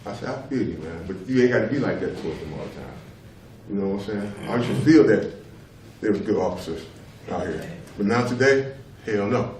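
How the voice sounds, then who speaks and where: A man's voice: lowish voice, animated, brisk, a little mellow. A middle-aged man giving spoken testimony at a public tribunal as a father, talking emphatically and repeating himself to press each point. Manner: emphatic, repetitive, keeps asking "you know what I'm saying". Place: public hearing room. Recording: roomy hall, mic far off, faint noise.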